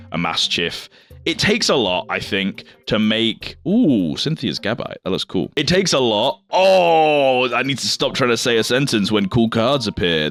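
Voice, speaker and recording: A man's voice: medium pitch, fairly bright tone. A young man, chatting casually as he opens trading card packs, rambling, swearing loosely and stumbling over names. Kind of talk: casual unboxing commentary.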